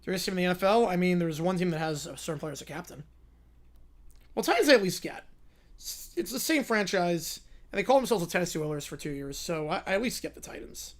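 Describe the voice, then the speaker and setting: A man hosting a live stream, calling football play-by-play and answering viewer questions between plays. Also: high voice. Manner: rises and slows into excited calls on big plays, drops to quiet asides answering chat.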